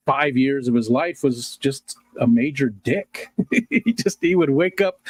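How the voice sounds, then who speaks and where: A man's voice: on the high side, dry recording. A middle-aged man hosting a livestream, rambling casually to his viewers and chuckling often as he answers comments. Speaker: livestream host.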